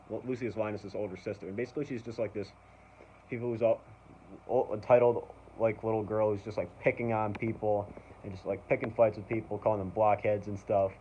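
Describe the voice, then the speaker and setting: Male vlog host, low-pitched, eager and rambling, with a faint hiss behind him. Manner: rambling, full of "like", "um" and "basically"; enthusiastic fan. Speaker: channel host. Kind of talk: casual review vlog. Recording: dull lo-fi recording.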